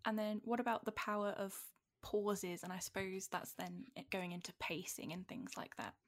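A woman's voice: medium pitch, fairly even intonation, moderate pace. A woman hosting a podcast interview, chatting casually and laughing often. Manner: laughs often, short reactions. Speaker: podcast host.

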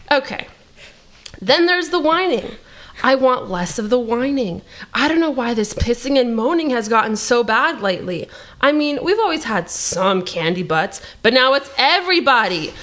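Woman reader voicing an exasperated, foul-mouthed God for a play reading; sarcastic rant, fairly high pitch. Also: fairly bright tone. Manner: ranting, profane, sarcastic.

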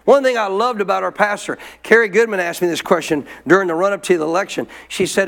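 A man's voice: high voice, fast, vocal fry, hardly any pauses, fairly bright tone. A man preaching a sermon in an emphatic way, repeating his points and calling for amens from the congregation.

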